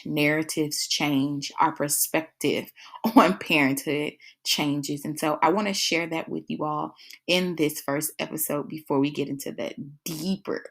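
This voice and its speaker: A woman with a notably low voice hosts her own podcast and tells her personal story. She talks casually and warmly directly to her listeners, calling them y'all and leaning on easy fillers. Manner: conversational, addresses listeners as y'all, frequent fillers. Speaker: podcast host.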